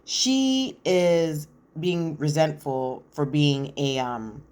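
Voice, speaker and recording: Woman doing a chatty reality tv recap, kinda low voice, animated and opinionated. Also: drawn-out words. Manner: animated, opinionated retelling with slang asides. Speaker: reality TV commentator. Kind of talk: casual recap commentary.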